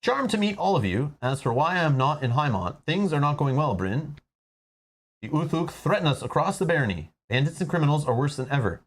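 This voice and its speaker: A man voicing a poised, reserved noble baroness while reading a board game's story text aloud, in a formal, measured way. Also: a little high.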